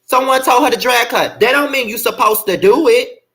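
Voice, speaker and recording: A man's voice: very high-pitched, normal speed, a bit bright. A man hosting a commentary vlog, talking bluntly and profanely in a ranting, heated way. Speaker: commentary channel host.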